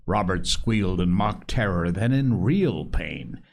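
A man narrating a novel aloud with a dramatic, expressive reading. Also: a little slow. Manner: dramatic, expressive reading with big pitch swings. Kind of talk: audiobook narration.

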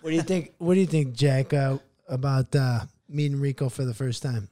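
A man's voice: medium pitch, fairly even intonation, brisk, mellow. A man, a comedian co-hosting a podcast, chatting in a laid-back way full of dude and bro. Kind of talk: casual chat.

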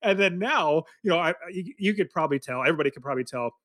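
Hyper podcast host guy, kinda high voice, dry sound. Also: very fast, no room sound. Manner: energetic, chatty. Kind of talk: casual podcast conversation.

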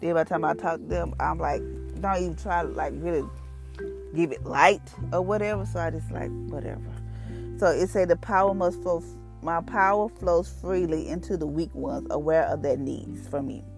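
A woman's voice: sits low, moderate pace, creaky, over music. A woman hosting a podcast, giving an earnest, informal devotional talk that rambles and often repeats phrases. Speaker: podcast host.

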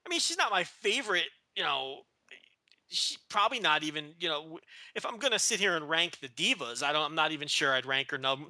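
Bright, lively man joking around. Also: fairly high pitch, dry recording. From Texas. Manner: joking, teasing, rambling with restarts. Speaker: podcast co-host. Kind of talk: casual chat.

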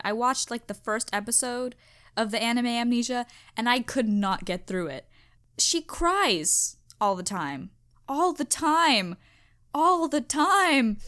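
A young woman hosting a podcast, chatting casually and emphatically on her own, animated and self-reflective. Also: a little high. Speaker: podcast host. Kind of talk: casual solo chat.

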